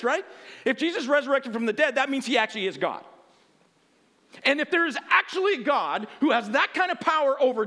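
A man preaching a sermon, animated, often laughing and restarting phrases, then reading a passage aloud. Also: very high-pitched.

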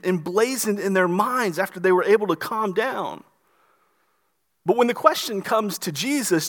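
A male pastor with a fairly high voice delivers a lively storytelling sermon. He trips and restarts on his words as he pushes forward. The delivery feels spontaneous rather than read. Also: long reverb tail. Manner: animated, stammering restarts, dramatic retelling.

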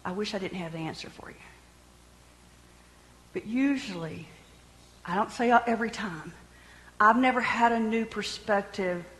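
A woman preaching a sermon in a lively, animated way, joking with her congregation. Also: medium pitch, a little slow, pauses often, long reverb tail, poor audio.

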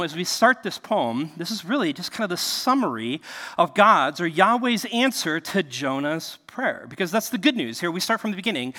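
A man's voice: high-pitched, a bit bright, in a large hall. A man preaching a sermon from a cramped enclosed space, conversational and full of rhetorical questions. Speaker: pastor.

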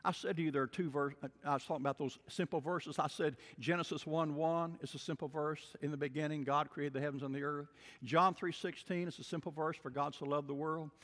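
A man preaching a sermon as pastor, telling stories and swinging between booming and hushed delivery. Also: steady tone, fairly quick, big-room sound. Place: church sanctuary.

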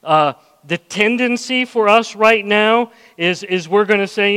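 A man's voice: sits high, measured pace, few pauses, pushed and bright, clear, resonant tone. A male pastor preaching a sermon, asking the congregation questions and acting out inner voices. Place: church hall. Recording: long hall reverb.

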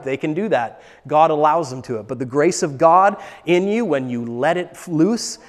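A man with a notably high voice preaches an emphatic sermon and hammers his points home by repeating words. He is recorded in a church, and long reverb from the large hall trails after his lines. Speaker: pastor.

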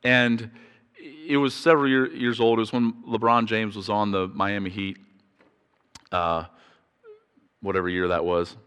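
A pastor preaches to his congregation in a chatty, storytelling way, restarting his sentences and getting louder as the story builds. His voice sits on the low side but sounds bright and forceful. The sound carries the long reverb of a church hall. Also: measured pace, long pauses, smooth. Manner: chatty storytelling with restarts, rising loud when excited. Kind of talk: sermon. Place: church sanctuary.

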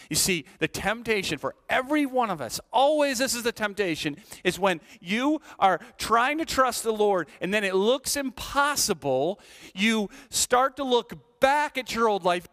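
A middle-aged man preaching a sermon, swinging between hushed whispers and loud, high exclamations, with many repeats and restarts. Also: very animated, moderate pace. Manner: repeats and restarts words often. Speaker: pastor.

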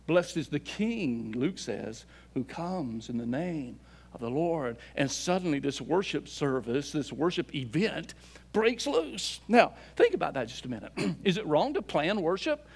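A man preaching a sermon as a pastor, swinging between loud emphatic lines and soft, low asides. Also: sing-song, a little slow, vocal fry, breathy edge. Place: church sanctuary.

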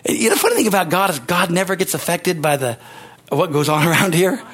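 A man's voice: high voice, very animated, fast talker, a bit bright. A man preaching a sermon as pastor, repeating lines for emphasis and calling out amen and hallelujah. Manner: emphatic preaching with rising exclamations.

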